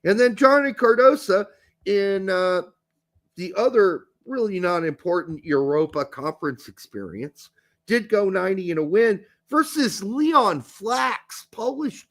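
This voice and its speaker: A man with a high, bouncing voice that swings widely in pitch. He co-hosts a casual soccer chat and talks in an animated, profane, rambling way. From born in the US, raised in Germany. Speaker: podcast co-host.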